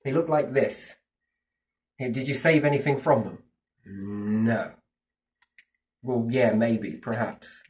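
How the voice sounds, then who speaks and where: Speaking slowly and pausing often at medium pitch, a man rambles through a casual monologue, animated and speculative, cursing freely. He asks himself questions and answers them, heard distant from the mic.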